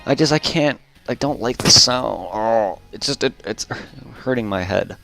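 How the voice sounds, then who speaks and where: A man's voice: mid-range voice, expressive, moderate pace, gravelly, pushed and bright, faint music behind. A man chatting casually while streaming a game, rambling and repeating himself. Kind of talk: casual chat while gaming.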